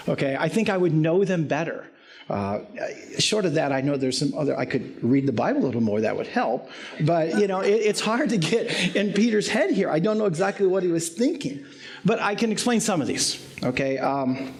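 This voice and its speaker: A man preaching a conversational sermon with joking, self-deprecating asides and frequent rhetorical questions. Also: on the high side.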